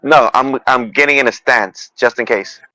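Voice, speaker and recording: Bright-toned hesitant male player, dry sound. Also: mid-range voice, normal speed, no room sound, poor audio. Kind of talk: tabletop role-play.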